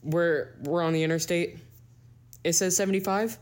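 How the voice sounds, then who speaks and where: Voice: medium pitch, steady tone, moderate pace. A podcast co-host in their twenties, telling stories in casual chat, full of fillers and swearing. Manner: storytelling, lots of fillers and swearing.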